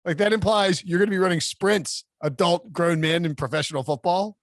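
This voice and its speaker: A man's voice: high-pitched, brisk, no room sound. A man co-hosting a casual football talk show, wry and mock-incredulous. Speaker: co-host, football writer.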